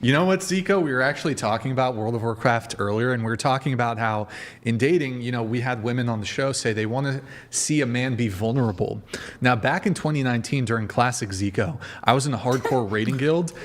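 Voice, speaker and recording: A man hosting a livestreamed podcast in an easygoing, loose way. His voice sits at an ordinary middle pitch, and he rambles along, dropping swear words and speaking straight to the chat. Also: fast. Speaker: podcast host.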